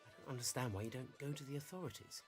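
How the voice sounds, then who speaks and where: A man's voice: mid-range voice, fast talker, soft background music, close to an everyday voice. A man playing an earnest, friendly schoolboy in an audio drama.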